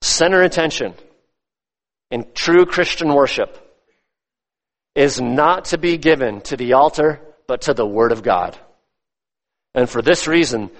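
A man pastor preaching a sermon with emphatic delivery that swells loud and drops low. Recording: long reverb of a large hall.

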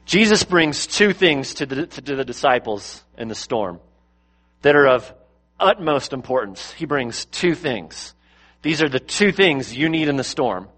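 A male pastor delivering a sermon, swinging between louder, higher bursts and low, quiet passages, with lots of rhetorical questions. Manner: rises and drops in pitch and loudness for emphasis, asks rhetorical questions.

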